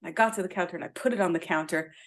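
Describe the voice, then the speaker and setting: A woman from Ireland with a slightly low voice chats as a podcast guest. She tells long, rambling stories with lots of energy and swears without a second thought. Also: rapid-fire. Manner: animated, rambling storyteller who swears freely. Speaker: guest author. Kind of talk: casual podcast chat.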